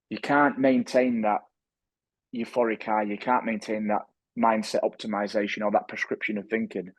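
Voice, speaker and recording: A man's voice: lowish voice, slightly rough, dry recording. A man speaking as a podcast guest and author, talking earnestly and often restarting his sentences. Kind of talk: reflective interview talk.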